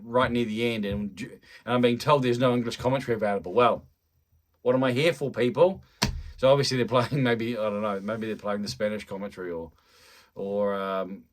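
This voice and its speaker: A man commentating a rugby match in a chatty, rambling, self-deprecating way, often restarting his sentences. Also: medium pitch. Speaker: fan commentator. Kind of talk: live-style rugby play-by-play commentary.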